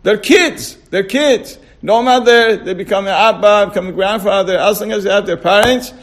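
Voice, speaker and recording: A man's voice: high-pitched, moderate pace. A man teaching a casual religious class, repeating words and firing rhetorical questions at his listeners. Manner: checks on listeners with short asides. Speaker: Torah teacher.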